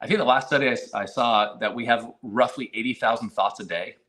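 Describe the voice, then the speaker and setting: A man talking casually on a podcast, telling lively stories and acting out little quoted moments. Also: mid-range voice, a little fast. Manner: animated storyteller, acts out quotes, frequent restarts. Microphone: remote video call.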